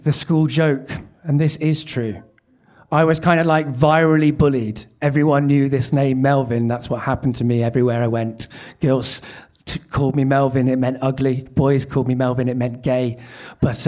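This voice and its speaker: A man's voice: fairly high pitch, a little mellow. A man doing stand-up, reading aloud his old teenage love letter with wry, self-mocking asides. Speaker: comedian.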